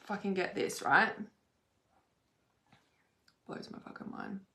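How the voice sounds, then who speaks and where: A woman of middle pitch recounts a personal experience in loose, rambling speech. She fills her sentences with "like" and swears freely. Her voice carries a roomy echo. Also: wildly swooping pitch, slow, gravelly, bright, forceful tone. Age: adult. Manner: rambling, fillers like "like", frequent swearing. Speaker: spiritual vlogger. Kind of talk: casual personal storytelling.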